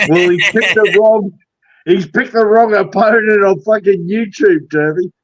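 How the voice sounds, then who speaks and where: A man's voice: high-pitched, measured pace, dry recording, poor audio. A man who is a guest on a livestream, throwing crude, mocking insults in casual banter.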